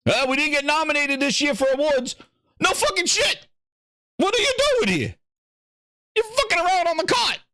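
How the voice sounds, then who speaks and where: A man's voice: extremely high pitch, big pitch swings, normal speed, long pauses, sharp tone, dry recording, clean studio sound. A man hosting a gaming show, riffing in a profane, mocking, rambling way as casual reaction commentary.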